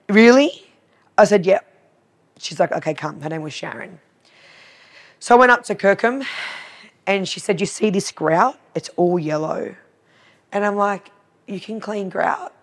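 An Australian woman guesting on a podcast, telling stories from her cleaning business and acting out both sides of each conversation. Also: lowish voice. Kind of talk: casual storytelling interview.

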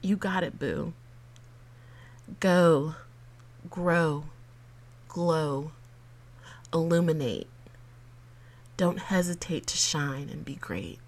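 A woman hosting her own podcast, giving a slow, affirming pep talk to her listeners. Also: deep voice, animated. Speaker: podcast host. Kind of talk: solo podcast monologue.

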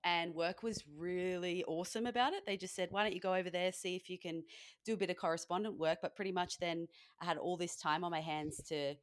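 A woman's voice: fairly low pitch, steady tone, a little fast. A young Australian woman co-hosting a fitness podcast, telling stories in a chatty way and acting out the dialogue. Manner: chatty storyteller, laughs often, acts out quoted dialogue. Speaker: podcast co-host, fitness coach and sports journalist. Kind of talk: casual chat.

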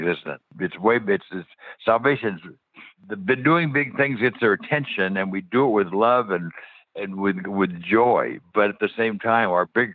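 A man with a lowish voice gives his faith testimony on radio, telling stories with eager passion and often beginning sentences again. The recording is dry, and he sounds tinny, almost as though he's on the phone.

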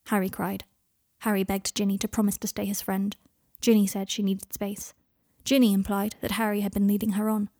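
A woman reading fan fiction aloud, narrating frankly and at an unhurried pace. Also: medium pitch, dark tone. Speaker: audiobook reader.

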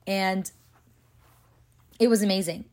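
Young woman, late teens to early twenties, vlogger, fast, chatty, filler-heavy delivery. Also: medium pitch, fairly even intonation, darkish tone. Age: young adult. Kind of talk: casual storytelling vlog.

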